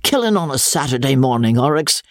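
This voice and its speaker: A man's voice: mid-range voice, sing-song, brisk, dry recording, clean studio sound, pitched above the performer's own voice, close to an everyday voice. A man doing a coarse, hearty old baronet. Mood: blunt.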